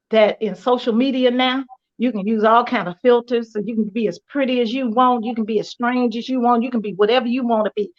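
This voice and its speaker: An older woman, a retired police officer and actor, telling her story as a radio guest in an animated way and repeating her key phrases for emphasis. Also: on the high side. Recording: muffled lo-fi livestream audio.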